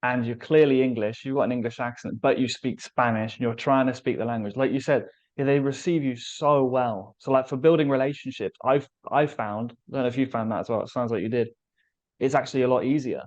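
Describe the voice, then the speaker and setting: A man's voice: mid-range voice, fairly quick, darkish tone, dull audio. A man hosting a casual interview, enthusiastic and chatty, often saying "like" and "right?". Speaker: interview host.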